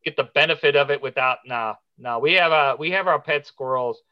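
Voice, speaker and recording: A man's voice: on the high side, a little fast, clean tone, muffled recording. A middle-aged man as a podcast guest, chatty and jokey, telling stories in a loose, casual way. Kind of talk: casual interview chat.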